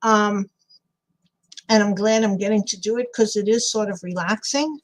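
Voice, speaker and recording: A woman's voice: mid-range voice, steady tone, normal speed, low-quality recording. Middle-aged woman, New York accent, craft livestream host, rambling and chatty, laughs easily, reads chat aloud. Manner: chatty, rambling, laughs often, answers viewers by name. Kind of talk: casual chat while crafting and reading live chat.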